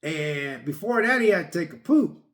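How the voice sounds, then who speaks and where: A man's voice: fairly high pitch, big pitch swings, normal speed, fairly bright tone. A man giving a casual, rambling movie review, retelling scenes with lots of repeats and fillers.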